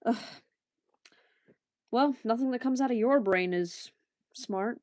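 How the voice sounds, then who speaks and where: Woman streamer, unhurried rambling chat with her viewers, dry close sound. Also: on the high side, darkish tone, no echo. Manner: rambling, laughing, answering chat. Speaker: livestreamer. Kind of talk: casual livestream chat.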